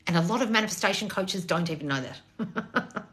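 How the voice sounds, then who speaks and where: A woman's voice: medium pitch, animated, normal speed, a bit bright, a little hiss or hum. A woman coach on a live stream answering chat questions, blunt and sarcastic, swearing freely. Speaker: manifestation coach.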